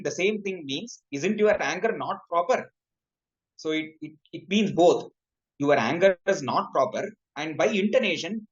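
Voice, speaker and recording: A man's voice: a little high, muffled recording. A man giving an academic lecture from slides, reciting Sanskrit verses and then explaining them.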